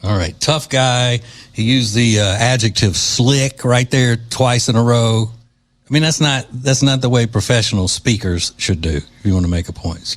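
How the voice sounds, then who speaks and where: A man's voice: medium pitch, normal speed. A male podcast host with a mid-range voice riffs in casual, opinionated commentary. He mocks and digresses freely, with sarcasm running through his delivery.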